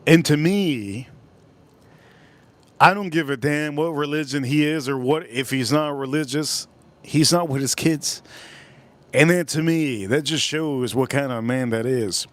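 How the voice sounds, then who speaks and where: A man's voice: fairly high pitch, unhurried. A man hosting a livestream, ranting bluntly in casual chat, swearing freely and rambling between thoughts. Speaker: livestream host.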